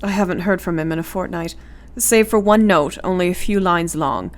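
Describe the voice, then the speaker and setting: A woman playing a gentle young English woman in a radio play, who gently teases and reassures her friend. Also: fairly low pitch, normal speed, natural voice. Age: young adult.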